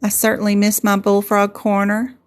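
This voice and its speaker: A woman's voice: medium pitch, completely flat delivery, moderate pace. A middle-aged woman with a Southern US accent, a medical coding instructor explaining things patiently and repeating her points in a casual livestream. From Southern United States. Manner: patient, repetitive explaining, folksy asides. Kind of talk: livestream teaching and chat.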